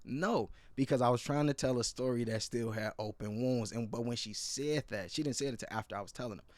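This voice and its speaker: Male podcast host, earnest and emphatic, lots of slang, mid pitch, dry close recording. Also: a little fast, no room sound. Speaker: podcast host and restorative practitioner. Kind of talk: casual podcast chat.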